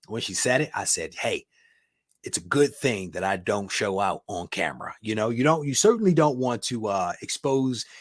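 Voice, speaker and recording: A man's voice: on the low side, animated, normal speed, no room sound, clean studio sound. A man hosting a comic collecting live stream, chatting casually, greeting viewers by name and laughing often.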